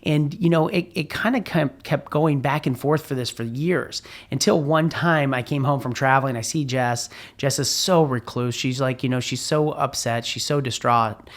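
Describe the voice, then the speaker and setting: A man's voice: mid-range voice, normal speed, hardly any pauses. A middle-aged man hosting a podcast and telling a personal story in an earnest, heartfelt way, often restarting his sentences. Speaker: podcast host.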